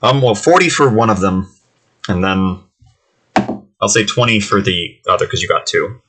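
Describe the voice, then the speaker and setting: A man running a tabletop game as game master, easygoing and chatty, often laughing and filling pauses with "uh" and "um". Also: on the low side, expressive, a bit bright, slightly rough, low-quality recording. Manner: easygoing, laughing, filler-heavy. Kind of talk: casual tabletop game narration.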